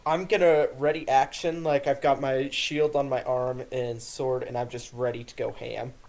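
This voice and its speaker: A man playing a tabletop game and talking casually with the group in an unhurried way. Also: mid-range voice, flat delivery, darkish tone. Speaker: player.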